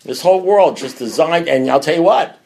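Speaking openly to a recovery group, a middle-aged man is blunt and profane, swinging between loud outbursts and low mutters. His voice is creaky and his pace moderate.

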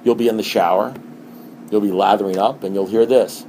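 A middle-aged man giving a talk at a recovery meeting, speaking in an animated, repetitive way and asking his listeners rhetorical questions. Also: on the low side, a little fast, noisy background.

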